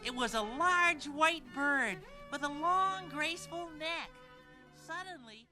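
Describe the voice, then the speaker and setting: A man voicing a big, gentle, childlike male bird who reads a children's story aloud in a wide-eyed, sing-song way. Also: very high voice, expressive, slow, music in the background, heavily acted.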